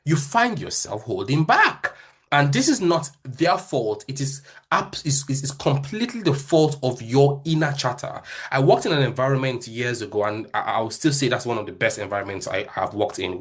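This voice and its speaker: A man with a Nigerian accent, a Yoruba first language and a slight stutter, giving a motivational talk at a church and sometimes rushing his words. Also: medium pitch, husky. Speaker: speaker at a church session.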